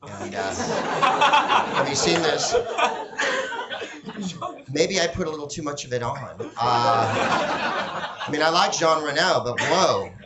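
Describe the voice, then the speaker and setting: A man's voice: on the high side, expressive, takes it slowly, long pauses. A man doing a stand-up comedy set, bantering sardonically and profanely with a live audience. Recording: roomy live club recording, loud crowd noise.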